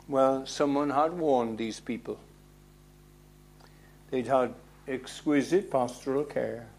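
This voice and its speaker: A man preaching a sermon, emphatic, asking rhetorical questions and swinging between loud declarations and hushed lines. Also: mid-range voice.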